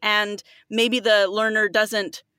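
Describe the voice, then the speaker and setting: A woman's voice: medium pitch, little pitch movement, slow pace, pushed and bright, clear, resonant tone, no room sound, clean studio sound. A woman who works as a voiceover artist, talking earnestly in a casual interview and often saying "like". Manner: earnest, fillers like "like".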